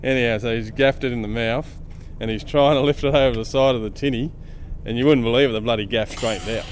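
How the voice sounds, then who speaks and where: A man's voice: mid-range voice, fairly even intonation, quick pace, a little hiss or hum. A man in his fifties from Darwin with an Australian accent, casually telling a story and laughing often. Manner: laid-back yarn-spinner, laughs often. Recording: music playing underneath. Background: music.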